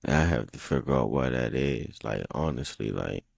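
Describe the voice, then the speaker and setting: A man's voice: rumbling low, expressive, moderate pace, vocal fry, darkish tone, breathy edge, dry recording, clean studio sound. A man co-hosting a podcast in casual debate, blunt and profane, often stammering as he restarts. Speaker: podcast co-host.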